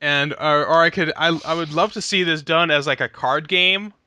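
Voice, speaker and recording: A man's voice: fairly high pitch, fairly even intonation, moderate pace, pushed and bright, smooth, dry recording. A young man hosting a casual gaming podcast, laughing often and talking with enthusiasm. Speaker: podcast host.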